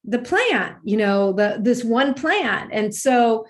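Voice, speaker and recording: A woman's voice: fairly high pitch, big pitch swings, slow. A woman guest in a spiritual conversation, telling personal stories earnestly and rambling with restarts.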